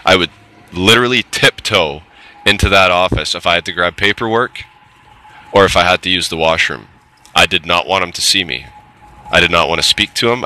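A middle-aged man with a very deep yet strikingly bright voice tells a story in a casual monologue. He speaks candidly and plainly, with the odd swear word. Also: rough recording. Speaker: trades technician telling his story.

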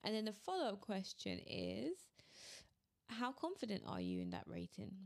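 A woman's voice: mid-range voice, huge pitch swings, moderate pace, vocal fry. A woman in her thirties hosting her own podcast, talking candidly and laughing between phrases while she admits she is irritated. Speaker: podcast host. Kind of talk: casual solo podcast talk.

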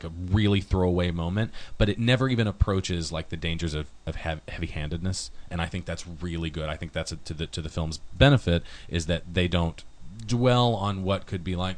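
Deep-voiced man in a casual podcast chat. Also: brisk. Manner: rambling, hesitant restarts. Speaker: podcast co-host.

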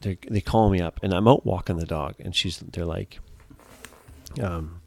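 A man co-hosting a casual podcast chat, telling animated stories, acting out what others said and swearing casually. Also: deep voice, moderate pace, vocal fry. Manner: animated storytelling, acts out quoted voices. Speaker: podcast co-host.

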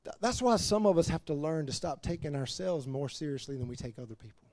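A man preaching as pastor, animated, laughing between points and dropping to quiet emphasis. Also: a little high, quick pace, no echo. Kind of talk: sermon.

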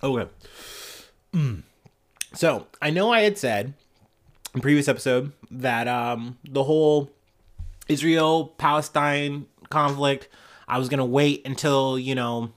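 Stuffed up and nasal with a cold, this podcast host talks at medium pitch on his casual news show. His speech into the podcast mic wanders, with lots of fillers and false starts.

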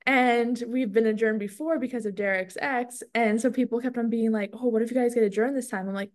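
Woman podcast co-host, somewhat high pitch, animated storyteller, laughs a lot, casual chat. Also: fairly quick, few pauses. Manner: storytelling, animated, laughs often, many "like" fillers.

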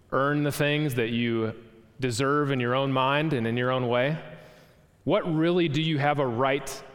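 A man preaching a sermon, earnest, posing rhetorical questions to the congregation. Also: mid-range voice. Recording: long hall reverb.

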